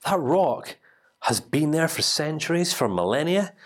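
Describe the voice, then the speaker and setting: Storybook part: a restless rain-cloud figure, male, wistful and given to exclaiming, pitched a touch high, as a man telling the story puts him on. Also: very animated, unhurried. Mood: longing. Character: restless sun-turned-rain-cloud, male, yearning for meaning.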